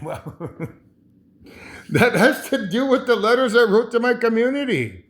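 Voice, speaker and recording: A man's voice: very high-pitched, sing-song, measured pace, pauses often. A man talking to camera in a rambling monologue, chuckling often and restarting his phrases. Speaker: vlogger.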